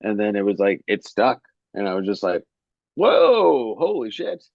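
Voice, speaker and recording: A man with a lowish voice talks as a guest over a video call. The audio is dry and muffled, with no room sound. He rambles freely and fills his sentences with "like". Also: level tone, brisk, no room sound. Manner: rambling, loose, many "like" fillers. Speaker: comedian guest. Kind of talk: casual conversational interview.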